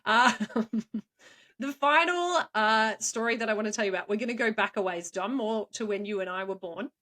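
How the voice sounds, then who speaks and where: A woman's voice: fairly high pitch, pushed and bright. Giggly woman telling stories. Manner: playful, laughs often, quick asides. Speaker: co-host, storyteller. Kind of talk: casual chat.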